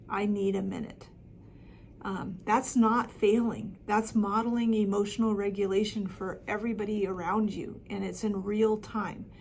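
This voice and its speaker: A woman's voice: mid-range voice, darkish tone, slight background noise. A middle-aged woman coaching parents with practical advice, talking plainly with frequent ums and restarts. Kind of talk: talking-head advice video.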